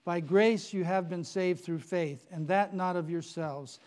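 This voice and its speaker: A male pastor in the middle of a sermon, speaking in a notably high voice. He preaches in an animated, playful storytelling manner. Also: a little slow.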